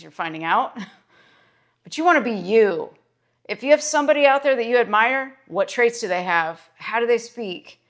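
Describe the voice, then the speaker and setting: A woman's voice: mid-range voice, fairly bright tone. A woman, a social worker, speaking straight to camera in a self-made motivational video. She talks earnestly and with emphasis, repeating her phrases to drive each point home. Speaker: licensed clinical social worker and mindset vlogger.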